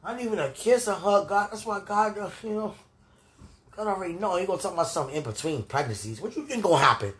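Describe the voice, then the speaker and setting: A woman's voice: mid-range voice, lively intonation, fast talker, husky. A woman talking aloud to God in an emotional prayer, pleading and sighing, worked up and near tears. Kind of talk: emotional spoken prayer monologue.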